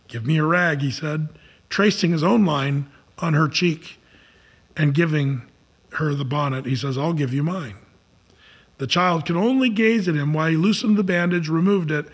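A man retells a story aloud in an earnest, unhurried way. He sometimes stumbles and restarts a phrase. His voice sits slightly high and sounds a bit husky. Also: fairly bright tone.

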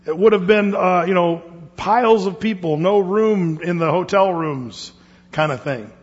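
A man with a high voice talks loosely through a Bible study, circling back on himself with lots of fillers and restarts. The sound is dull and lo-fi, and his voice rings with a long reverb like a big church hall. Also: measured pace. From Oregon. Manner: casual, rambling, with many fillers and restarts. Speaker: pastor.

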